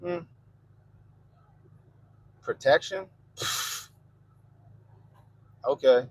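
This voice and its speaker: A man's voice: mid-range voice, expressive, moderate pace, creaky, breathy edge, rough recording. A man with a Baltimore accent hosting a livestream, chatting loosely and profanely while reading comments. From Baltimore, Maryland. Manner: loose, profane, laid-back banter. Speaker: livestream host.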